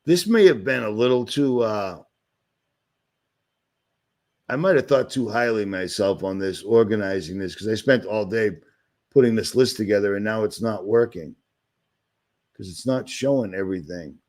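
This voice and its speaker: A man's voice: on the low side, normal speed, long pauses, a little mellow. A man from Boston hosting a livestream, talking in a sarcastic, agitated, rambling rant while sharing his screen. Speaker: livestream host. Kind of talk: ranting livestream commentary.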